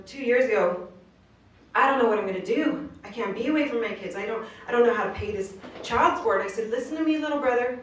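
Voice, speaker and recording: Woman giving an inspirational speech, roomy. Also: fairly high pitch. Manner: earnest storytelling, casual street slang. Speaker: motivational speaker. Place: live speaking venue. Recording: roomy distant live recording.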